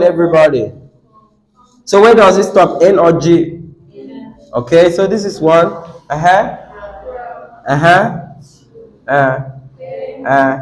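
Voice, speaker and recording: A man's voice: high voice, animated, slow pace, pauses often. A man teaching an English class on word stress, asking students questions and repeating words with the stress moved around. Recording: echoey classroom.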